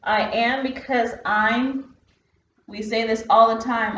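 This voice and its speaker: A woman teacher talks slowly and patiently through a phonics lesson, pausing with the odd filler while she works at a whiteboard. Her voice sits a little high. The sound is dull and lo-fi with a roomy echo. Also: fairly even intonation, a bit bright. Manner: patient, explains step by step with filler words.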